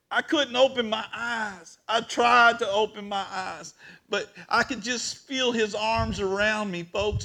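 A pastor preaches with a high, raised pitch and a gravelly rasp. He moves between quiet confiding and near-shouting. The delivery is heartfelt and emotional throughout. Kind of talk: sermon.

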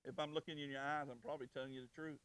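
A man, preaching in church, swinging from loud, rising exhortation to soft, intimate storytelling. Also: mid-range voice, little pitch movement, very fast, clear, resonant tone, no room sound. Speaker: pastor. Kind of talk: sermon.

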